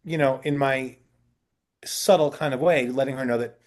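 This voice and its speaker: A talent agent sits for an indoor interview and answers casually, spinning long anecdotes, acting out the people he quotes, and leaning on plenty of fillers and restarts. His voice is medium-pitched and steady, at a normal speed.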